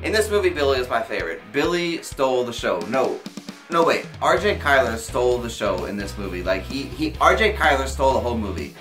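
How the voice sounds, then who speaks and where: An excitable young man talks through a film review in a loose vlog style. He swears without a second thought, and his voice jumps high whenever he gets carried away. Soft music plays faintly behind him. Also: brisk. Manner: excitable and emotional, swears casually, pitch jumps when worked up. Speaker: movie reviewer. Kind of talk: casual movie review vlog.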